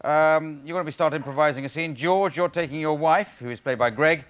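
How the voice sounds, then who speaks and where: A man's voice: on the high side, brisk, a bit bright, clear, resonant tone. A man hosting a comedy game show in a studio, with a dry, wry manner. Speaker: host. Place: TV studio with live audience. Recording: studio audience and noise behind.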